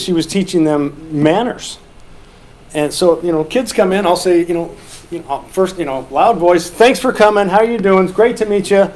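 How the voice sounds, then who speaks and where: Male instructor, high voice, animated and jokey, lively classroom teaching, faint background noise. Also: low-quality recording. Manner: animated, joking, acts out quoted lines. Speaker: real estate instructor. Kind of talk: classroom teaching with audience questions.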